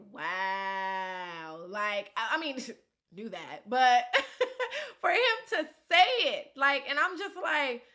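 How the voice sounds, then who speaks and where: A woman in her thirties telling an animated story, laughing often and swinging from quiet asides to loud outbursts. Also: a little high. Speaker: interviewee.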